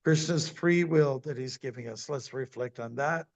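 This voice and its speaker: Gravelly-voiced man giving a temple sermon. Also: mid-range voice, muffled recording. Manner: deliberate, with emphatic repetition. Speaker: monk giving a scripture class.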